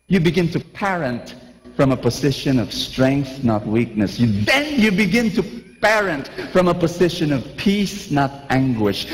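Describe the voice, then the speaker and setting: A preacher in his forties gives an animated sermon, firing questions at his listeners and acting out little scenes. His voice sits on the higher side for a man. A long church reverb trails each phrase. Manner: lively, asks the crowd questions, acts out scenes. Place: large church.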